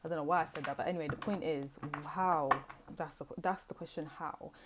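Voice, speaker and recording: A woman's voice: low voice, steady tone, brisk, noisy background. A young woman giving a tarot reading in a chatty, slangy, rambling way. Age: young adult. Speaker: tarot reader. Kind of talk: casual tarot reading to camera.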